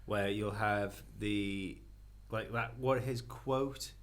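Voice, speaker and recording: A man's voice: on the low side, fairly even intonation, slow pace. A man co-hosting a casual podcast, running a quiz, blunt and swearing freely, laughing often. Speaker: podcast co-host, quiz setter.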